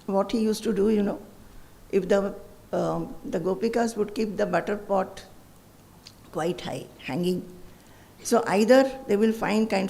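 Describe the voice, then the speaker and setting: A woman, a spiritual teacher telling a story in an animated way, acting out the voices and chanting Sanskrit verses. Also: mid-range voice, creaky.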